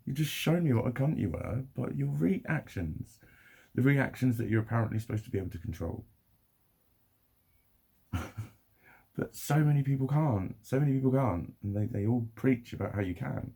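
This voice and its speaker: A man's voice: medium pitch, lively intonation, normal speed, creaky, pauses often, dark tone, slightly rough. A young man ranting to camera in a sweary, rambling, heated way. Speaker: vlogger.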